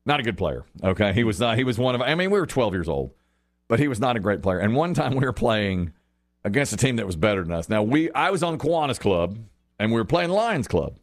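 A man hosting a casual sports chat show, telling stories with lively acted-out quotes and frequent laughter. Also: lowish voice, brisk, no echo, clean studio sound. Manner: animated storyteller, acts out quotes, laughs often. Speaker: sports talk host.

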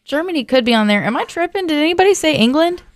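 A woman contestant on a game show, bubbly and quick to laugh. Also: high-pitched, lively intonation, no room sound.

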